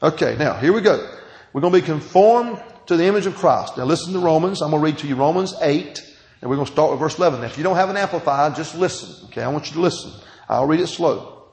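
A man preaching a sermon, calling out "Amen?" to the congregation and swinging from quiet, slow teaching to loud, emphatic reading. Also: on the high side, animated. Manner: call-and-response preaching, asking "Amen?". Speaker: pastor. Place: church sanctuary. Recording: echoey church hall.

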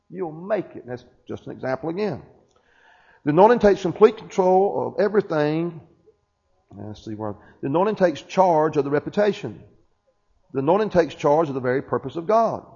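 A pastor with a slightly high, gravelly, husky voice and a warm tone preaches a sermon, calling out to his congregation in call-and-response style with repeated questions and amens, often asking "Amen?". The recording is a dull, lo-fi capture from a church.

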